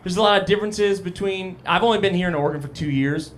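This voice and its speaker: A young man does stand-up on a small cafe stage, his voice sitting fairly high for a man. He talks loosely and casually, riffing with the crowd and poking fun at himself into a handheld mic. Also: quick pace, a little hiss or hum. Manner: casual, self-deprecating banter with the crowd. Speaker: stand-up comedian. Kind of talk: live stand-up set. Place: live comedy cafe stage.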